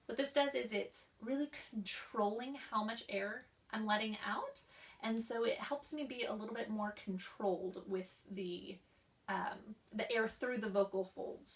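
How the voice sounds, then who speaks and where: A student presenter, a young woman with a medium-pitched voice, stands far from the mic. She explains voice therapy exercises for a class, acting each one out with coughs, sighs, and slowed speech.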